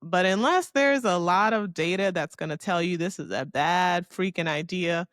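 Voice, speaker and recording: A woman's voice: fairly low pitch, normal speed, a bit bright, no room sound, clean studio sound. A young adult woman from Miami hosting a casual solo podcast, telling a story in a candid, chatty way, cursing freely and talking to herself. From Miami, Florida. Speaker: podcast host.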